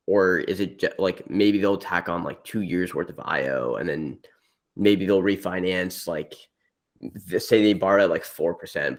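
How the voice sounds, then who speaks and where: Deep gravelly man musing casually. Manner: musing, hesitant with many fillers. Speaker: podcast guest, real estate investor. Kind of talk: casual podcast chat.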